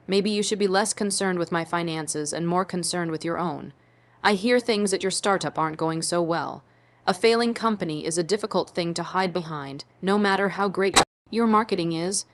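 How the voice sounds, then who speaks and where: Female storyteller, lowish voice, measured dramatic first-person narration.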